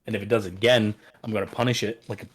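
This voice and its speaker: A man's voice: on the low side, fairly even intonation, quick pace, crowd noise. A man chatting casually on a gaming stream, rambling and teasing. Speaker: streamer co-host.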